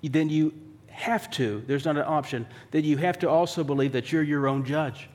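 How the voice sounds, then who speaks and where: A man's voice: a little high, steady tone, moderate pace, a little mellow. A man preaching a sermon in a conversational way, asking rhetorical questions and slipping in dry, wry humor. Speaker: pastor.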